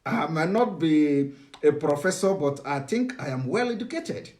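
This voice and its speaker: A middle-aged Nigerian man gives a live broadcast monologue in a somewhat high voice. He lectures his audience, stopping often on "uh" and restarting his sentences. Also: animated, darkish tone. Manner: halting, many "uh" fillers and restarts, lecturing. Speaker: host of a live online broadcast.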